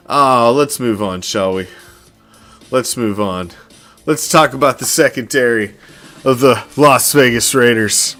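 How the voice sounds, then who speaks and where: A man's voice: medium pitch, unhurried, bright, forceful tone, faint music behind. A man hosting a sports fan podcast, ranting in a profane, gloating way and laughing often. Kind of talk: fan reaction rant.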